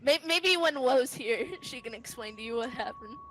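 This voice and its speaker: A woman's voice: on the high side, normal speed, fairly bright tone, low-quality recording. A woman player in a tabletop game who talks in a giggly, hesitant way.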